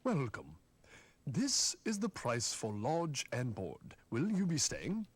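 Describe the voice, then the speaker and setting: A man's voice: mid-range voice, wildly swooping pitch, takes it slowly, slightly rough, exaggerated voice. An actor playing a polite male innkeeper in a video game, speaking courteously. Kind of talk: game voice acting.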